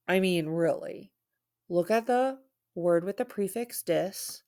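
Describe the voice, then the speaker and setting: A woman's voice: fairly low pitch, slow, darkish tone. A woman teacher giving an online reading lesson for children, playful and theatrical, with dramatic mock sadness.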